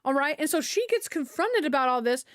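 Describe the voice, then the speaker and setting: High-voiced woman telling a story, slangy. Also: brisk, no echo, studio quality. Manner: animated, slangy storytelling with many fillers. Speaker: streamer. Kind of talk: casual chat.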